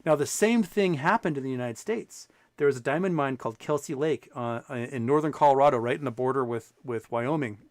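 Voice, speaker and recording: A man's voice: medium pitch, brisk, hardly any pauses, no room sound. A man hosting a podcast, telling a long story in casual chat and acting out the people in it, with many restarts. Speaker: podcast host.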